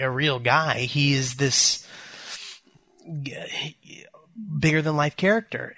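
A man's voice: fairly high pitch, no echo. A man co-hosting a casual film discussion who talks earnestly and with energy. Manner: earnest, animated. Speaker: podcast co-host.

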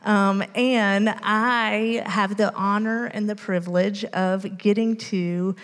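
In a large hall, a woman in her late thirties gives her testimony as a youth ministry volunteer. She speaks slowly in a mid-range voice with fairly even intonation. She is earnest, says um a lot, and becomes emotional near the close.

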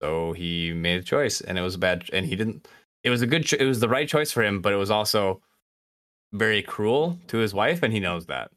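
Bright-voiced Midwestern man, casual chat. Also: on the low side, expressive, fairly quick, dry recording, studio quality. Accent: Midwestern American. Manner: rambling, hesitant, many restarts. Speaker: podcast co-host. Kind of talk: casual book discussion.

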